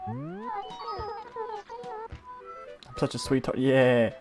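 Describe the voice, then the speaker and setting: Excitable young gamer guy over game music. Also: mid-range voice, normal speed. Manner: excitable, playful, chatty, swears freely. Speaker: gaming streamer. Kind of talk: casual gameplay commentary.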